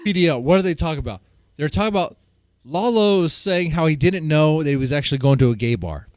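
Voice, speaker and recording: A male livestream host chatting with viewers in a loud, profane, heated way. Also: a little high, expressive, fast, dry recording, clean studio sound. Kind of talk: casual livestream chat with viewers.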